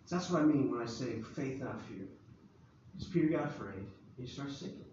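A man's voice: mid-range voice, animated, brisk, a little mellow, a little hiss or hum. A man preaching a casual sermon to a live audience, joking and acting out Bible scenes. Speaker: pastor. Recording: far-off echoey hall, dull sound.

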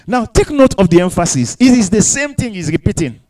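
Brief: male preacher, high lively voice, repeats and shouts for emphasis. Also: brisk, poor audio. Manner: emphatic, repetitive preaching with sudden shouts and hushed asides; speaks in tongues between points. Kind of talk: sermon.

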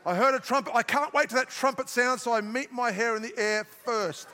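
A man's voice: very high voice, a little fast, long reverb tail, noisy background. An older man with an Australian accent preaching a sermon, moving between scripture points and joking, self-mocking asides. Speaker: pastor. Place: large church auditorium.

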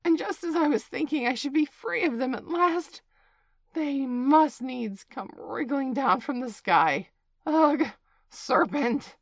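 A woman's voice: medium pitch, very animated, moderate pace, no echo. A woman doing a shrieking, indignant pigeon. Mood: shrill, accusing. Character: shrill anxious female pigeon, fiercely protective.

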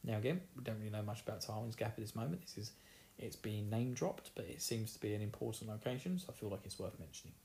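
A man's voice: mid-range voice, warm tone. A man with an Essex accent recapping a fantasy novel in casual chat, joking, laughing and acting out characters' lines. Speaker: book recapper.

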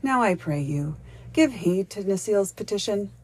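A woman's voice: medium pitch, expressive, moderate pace, breathy edge. A woman voicing a playful, gracious female fairy queen in a storybook reading, lilting and gleeful.

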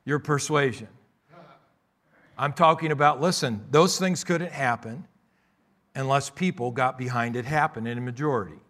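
A male pastor preaching a sermon, calling out for amens and moving between loud emphatic bursts and quieter asides. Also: medium pitch, moderate pace, long pauses.

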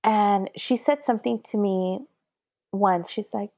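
A woman's voice: medium pitch, unhurried, vocal fry, long pauses, dark tone, slightly rough, no echo, studio quality. A middle-aged woman and mother talking earnestly in a casual conversation, retelling talks with her daughter. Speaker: guest, mother.

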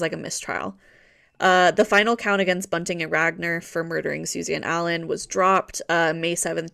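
A woman's voice: fairly low pitch, gravelly, fairly bright tone. A woman co-hosting a casual true-crime podcast, telling the case in a loose, chatty way with many fillers. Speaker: podcast co-host narrating the case.

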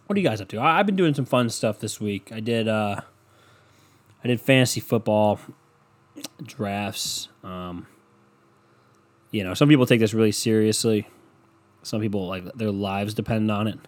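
A man's voice: lowish voice, moderate pace, long pauses. A young man hosting a casual solo podcast, ranting with lots of swearing, mocking people and laughing at his own jokes. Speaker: podcast host.

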